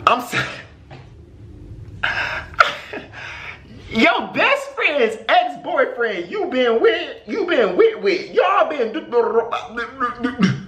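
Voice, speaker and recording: A man reading out viewer confessions in a casual reaction vlog, blunt and profane, jumping between squealed outbursts and low mutters. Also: very animated, takes it slowly, pauses often, fairly bright tone, echoey room.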